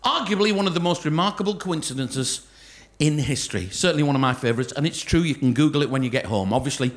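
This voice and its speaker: A man doing stand-up in a theatre, teasing a volunteer from the audience. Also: on the high side. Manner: teasing, quick ribbing of a volunteer. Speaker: stand-up comedian and magician. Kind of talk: live stand-up comedy with audience banter. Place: large theatre stage. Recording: live theatre show with audience laughter.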